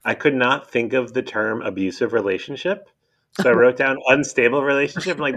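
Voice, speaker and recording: A man's voice: medium pitch, brisk, fairly bright tone, rough recording. A man co-hosting a podcast, chatting casually with dry, matter-of-fact asides. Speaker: podcast co-host. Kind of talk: casual chat recapping an episode. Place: home, on a video call.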